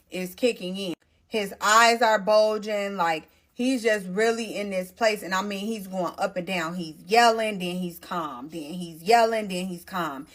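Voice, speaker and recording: Emphatic pregnant woman telling a story. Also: mid-range voice. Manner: emphatic, repeats phrases for stress; talks straight to viewers. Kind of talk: storytime vlog.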